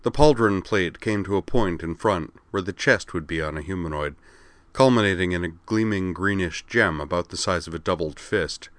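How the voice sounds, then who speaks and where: Man, deep voice, forceful bright tone, dry close sound, story narration. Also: normal speed, no room sound. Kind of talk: read-aloud story narration.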